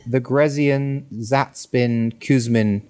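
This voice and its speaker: A man's voice: medium pitch, fairly even intonation, slow pace, darkish tone, clear, resonant tone. A man co-hosting a casual tech podcast, eager and chatty, always jumping ahead to the next thing. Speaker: podcast co-host.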